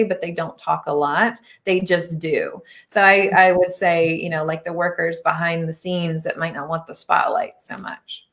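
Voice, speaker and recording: Somewhat low yet a bit bright, the voice belongs to a spiritual medium who hosts a podcast about spirituality. She chats casually with her interview guest, upbeat and comforting throughout.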